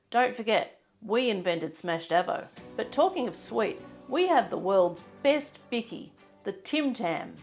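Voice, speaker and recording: A woman with a general Australian accent, reading a scripted travel-advice narration in a chatty, lightly humorous, explanatory way. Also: medium pitch. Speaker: travel vlogger.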